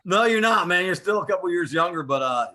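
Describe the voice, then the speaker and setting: A man's voice: high-pitched, expressive, fast, bright, forceful tone. A male co-host asking questions in a casual interview, encouraging and full of praise for his guest, over a video call.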